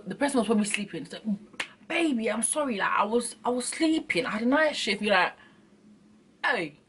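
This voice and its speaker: A woman chatting casually to camera in an animated, dramatic way, often laughing and repeating herself. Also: a little high, breathy edge. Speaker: vlogger.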